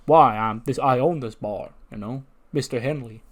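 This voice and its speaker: A man's voice: medium pitch, moderate pace, close to an everyday voice. A man voicing a genial old male bar owner with a surprised, folksy manner.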